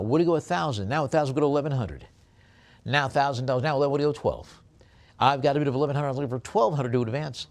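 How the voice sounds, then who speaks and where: Brisk chanting male auctioneer. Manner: brisk rhythmic chanting of bid increments; drops low and soft on a coaxing "please". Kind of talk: live auction bid calling.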